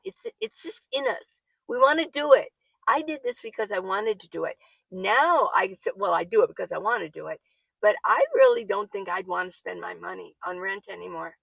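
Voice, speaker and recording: A woman's voice: on the high side, vocal fry, no echo, low-quality recording. A woman, older, talking casually to camera and answering viewer comments, chatty and laughing often, sometimes getting worked up. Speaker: van-life vlogger. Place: living in her minivan.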